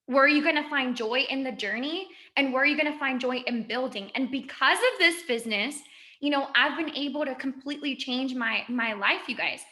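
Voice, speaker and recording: A woman's voice: high-pitched, bright, forceful tone. A woman in her twenties giving an emotional, chatty motivational talk on a video call. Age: 20s. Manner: gushing, emotional, fast and chatty. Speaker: guest speaker.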